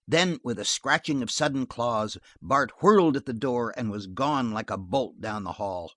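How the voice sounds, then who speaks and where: Expressive audiobook reader, lots of rise and fall in the voice, dry close sound. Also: mid-range voice, moderate pace, few pauses, no room sound. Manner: expressive storytelling reading. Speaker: audiobook narrator. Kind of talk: scripted audiobook narration.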